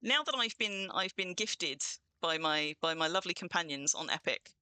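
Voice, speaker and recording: A woman streamer talks through her game in a chatty, bubbly way, greeting viewers as she goes. Her voice sits a little low but sounds bright and forceful, with a dry, close sound. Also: animated, normal speed, smooth, dry recording. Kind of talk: casual livestream chat.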